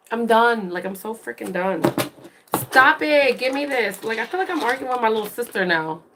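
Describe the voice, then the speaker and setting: A young woman venting to her viewers on a phone livestream, clearly fed up and swearing casually. Her voice sits a little high for a woman. A faint hiss of noise runs under the phone recording. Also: expressive, moderate pace, long pauses. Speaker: livestream host. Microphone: phone camera.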